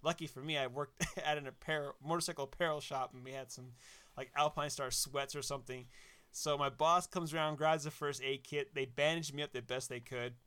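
A man casually telling a personal anecdote, animated and laughing at his own story. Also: a little high, a little fast, smooth.

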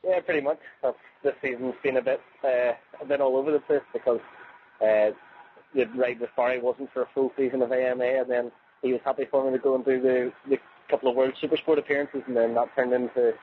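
A Northern Irish man talking quickly in an even, level tone, repeating and restarting his words as he goes. He comes through a tinny phone line with a faint hiss behind him. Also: medium pitch. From Northern Ireland. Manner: chatty, many restarts. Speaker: motorcycle racer, guest. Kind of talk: phone interview.

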